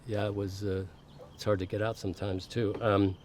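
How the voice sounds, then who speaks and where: Very deep-voiced man telling a candid story. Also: flat delivery, normal speed, a little mellow, a little hiss or hum. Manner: candid, swears freely, acts out quoted voices. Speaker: podcast guest. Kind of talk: casual storytelling interview.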